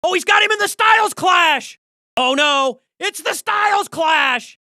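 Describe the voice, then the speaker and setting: A man's voice: extremely high pitch, expressive, unhurried, sharp tone, no echo, shouting. A man delivering wisecracking, emphatic wrestling commentary, recorded as scripted lines for a video game in a studio.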